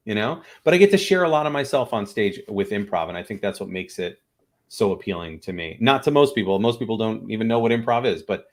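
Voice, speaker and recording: A man, an improv teacher and guest on the show, talking in a casual interview and acting out little voices in his stories. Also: fairly low pitch.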